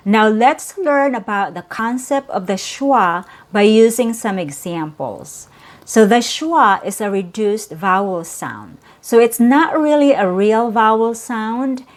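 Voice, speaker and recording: Slow, patient woman teaching pronunciation. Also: mid-range voice. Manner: patient, repeats sounds and words for practice. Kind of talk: slow, clear pronunciation lesson.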